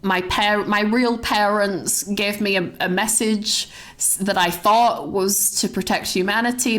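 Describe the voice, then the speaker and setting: A woman's voice: medium pitch, fairly bright tone, lightly acted. A woman mocking a whiny, brooding Superman. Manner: melodramatic self-pitying moaning.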